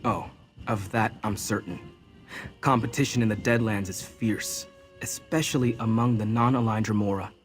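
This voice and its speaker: An actor voicing a loyal, calm male apprentice with dangerous powers, speaking earnestly and persuasively. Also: lowish voice, moderate pace, faint music behind, natural voice.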